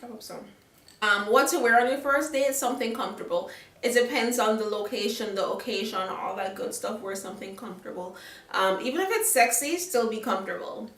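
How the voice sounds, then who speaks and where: A young Jamaican-accented woman chats frankly to her viewers, her voice bright and forward. She talks casually and checks in with them often. The sound is roomy and a little distant from the mic. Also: a little high, brisk. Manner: chatty, frank, asks the viewers "okay?". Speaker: vlogger. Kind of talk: casual advice chat to camera.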